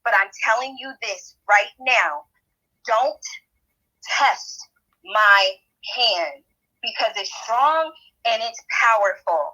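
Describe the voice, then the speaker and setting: A woman's voice: on the high side, bright, forceful tone. A woman ranting in a live audio chat room, profane, emphatic and threatening. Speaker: mother addressing a Clubhouse room. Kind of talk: angry threatening rant on an audio chat app. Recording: narrowband app audio.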